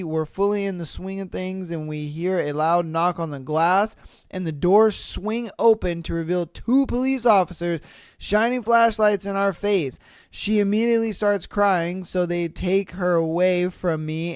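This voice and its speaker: A man's voice: sits high, clear, resonant tone, no echo, studio quality. A man hosting a podcast, reading out listener stories and reacting with crude jokes and laughter. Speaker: podcast host.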